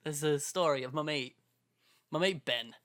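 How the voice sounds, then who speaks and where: Lively young man telling a story. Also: fairly high pitch, moderate pace. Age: young adult. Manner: animated storyteller who acts out quotes and laughs often. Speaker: podcast co-host. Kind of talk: casual chat, telling a story.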